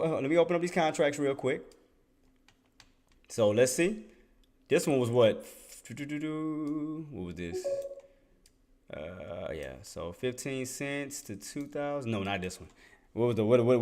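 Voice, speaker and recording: A young adult man giving casual, emphatic commentary on trading charts, repeating himself and firing rhetorical questions at his viewers. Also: medium pitch. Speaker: day trader streaming market commentary. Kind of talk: casual screen-share commentary.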